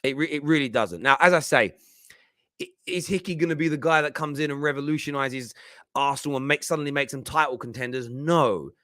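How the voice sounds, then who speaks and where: A man's voice: medium pitch, fairly quick, bright, forceful tone, dry recording, clean studio sound. A man hosting a live football phone-in stream, chatting and bantering with viewers. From England. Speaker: football podcast host.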